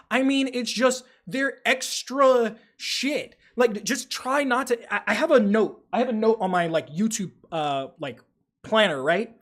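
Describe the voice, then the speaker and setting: A young man hosting a live stream, chatting casually, swearing freely and telling stories with animation while reading out chat. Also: on the high side. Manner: profane, animated storytelling, reads chat aloud. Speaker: livestream host.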